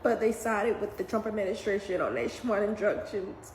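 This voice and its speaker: A woman's voice: mid-range voice, fairly even intonation, a little fast, hardly any pauses, a little mellow. Emotional woman near tears, echoey room. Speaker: parent reacting to news. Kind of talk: casual commentary to camera. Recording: echoey room with faint background noise.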